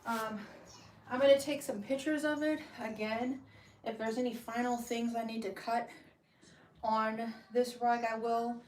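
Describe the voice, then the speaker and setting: A woman's voice: fairly high pitch, fairly even intonation, measured pace, darkish tone, a little hiss or hum. Chatty rambling woman vlogging. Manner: rambling and chatty, with many fillers and restarts. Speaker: craft vlogger and small shop owner. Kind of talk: casual vlog chat.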